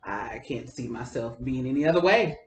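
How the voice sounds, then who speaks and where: A woman's voice: a bass voice, moderate pace. A woman co-hosting a podcast, chatting casually and telling a story from work, acting out what people said to her. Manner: animated storyteller, quotes people in voices. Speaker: podcast co-host. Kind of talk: casual chat. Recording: roomy, distant from the mic.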